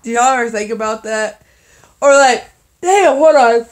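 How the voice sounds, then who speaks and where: A tired young woman vlogging casually, rambling and giggling, often trailing off into soft mumbles. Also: a little high, a little slow.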